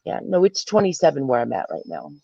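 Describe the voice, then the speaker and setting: A man's voice: mid-range voice, huge pitch swings, fast talker, gravelly, warm tone, husky, no room sound, muffled recording. A man calling into a stream, chatting casually, rambling and hunting for words. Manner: rambling, hesitant, searching for words. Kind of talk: casual chat.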